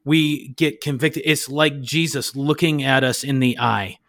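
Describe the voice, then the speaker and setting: A man's voice: medium pitch, fairly even intonation, a little slow, fairly bright tone, no room sound. Rambling man paraphrasing scripture, dry sound. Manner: rambling, searches for words, paraphrasing. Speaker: podcast host. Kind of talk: casual Bible discussion.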